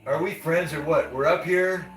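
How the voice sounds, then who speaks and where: A man's voice: a little high, moderate pace, fairly bright tone, recorded from a distance. Playful joking man, off mic. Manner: playful, laughing storyteller who drops into Italian. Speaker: co-host, friend. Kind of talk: casual live-stream chat. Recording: roomy echo, a bit off mic, music behind.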